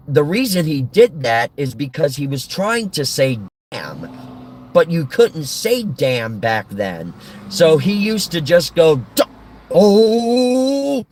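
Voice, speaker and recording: A man's voice: fairly high pitch, poor audio. A man chatting to his listeners while driving, telling a story casually with a few fillers, recorded in a car. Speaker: radio-style host. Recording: car road noise.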